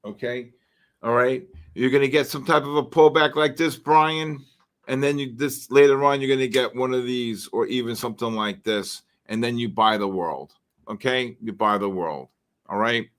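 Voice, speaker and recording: A man hosting a live futures trading stream, rambling and exclamatory as he reads charts and greets the chat. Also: mid-range voice. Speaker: livestream trading host. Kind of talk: live market commentary.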